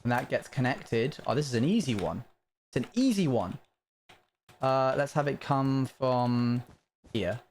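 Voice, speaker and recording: A man streaming a building game live, chatting casually to his viewers and breaking into panicked high-pitched bursts when something goes wrong. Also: animated, a little slow, a little mellow, slight background noise.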